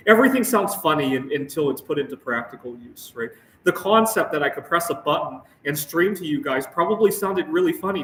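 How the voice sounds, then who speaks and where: A man's voice: fairly high pitch, a bit bright, a little hiss or hum. A young man hosting his own show, ranting casually. He stops and restarts often and keeps asking "right?". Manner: halting, repeats words, asks "right?" often. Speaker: show host. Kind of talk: casual rant to camera. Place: Phoenix area, United States. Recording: echoey room, voice from far off.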